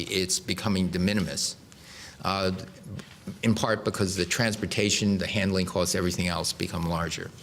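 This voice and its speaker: A man in his sixties, the invited guest speaker, stands at a podium in a lecture hall and addresses a live audience, often restarting his sentences and explaining with dry wit. He has a low, slightly bright voice, and a bit of hiss or hum is audible.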